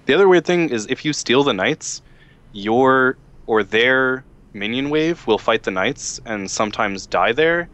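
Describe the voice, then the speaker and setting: A man co-hosting a casual gaming podcast, explaining strategy in a relaxed, measured way. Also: medium pitch. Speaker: podcast co-host.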